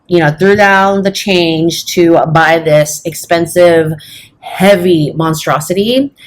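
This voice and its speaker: A woman teaching fashion illustration in a chatty, casual tutorial, teasing herself and checking in with "okay?". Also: on the low side. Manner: chatty, self-teasing, says "y'all" and "okay?".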